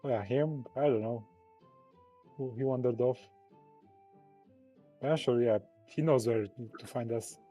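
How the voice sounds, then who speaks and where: A man role-playing his character in a tabletop game, easygoing and quick to laugh. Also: medium pitch, mellow, faint music behind. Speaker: player.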